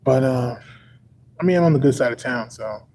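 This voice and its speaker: A man's voice: mid-range voice, fairly quick, darkish tone, slight background noise, low-quality recording. A young man from Texas on a livestream, talking casually and rambling, packing his sentences with "like" and chuckling often. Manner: rambling, full of "like" fillers.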